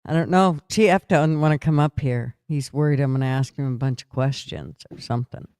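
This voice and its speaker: A man's voice: medium pitch, a little fast, a little mellow, clean tone, no room sound, studio quality. An older man hosting a casual chat, laughing a lot. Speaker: podcast host.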